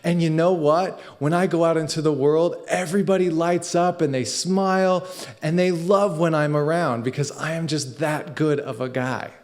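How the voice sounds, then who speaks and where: A man's voice: fairly high pitch, fairly even intonation, moderate pace, voice pushed up, lightly acted. A man voicing a boastful man who praises himself as the best at everything. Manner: bragging, loud and grand.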